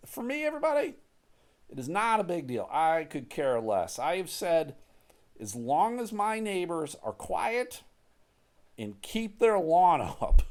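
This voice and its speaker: Guy ranting casually, lively swingy voice, cussing and joking about himself. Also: on the high side, gravelly. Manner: profane, joking, self-mocking. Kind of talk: casual rambling monologue.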